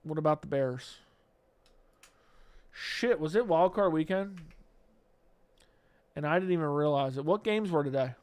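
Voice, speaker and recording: A man's voice: fairly high pitch, lively intonation, a little slow, pauses often, a little mellow, smooth. Brash, profane man on a livestream. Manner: brash, profane, rants at viewers; reads viewer comments aloud. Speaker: livestream host. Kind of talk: casual live stream chat.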